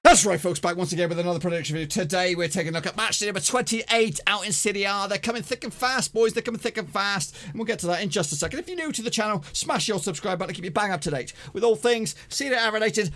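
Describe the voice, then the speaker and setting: Gravelly-voiced guy, bit high, rambling jokey football chat, faint hiss behind. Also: fairly quick, hardly any pauses. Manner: energetic, jokey, rambling with fillers. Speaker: football prediction channel host. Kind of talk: casual chat to camera.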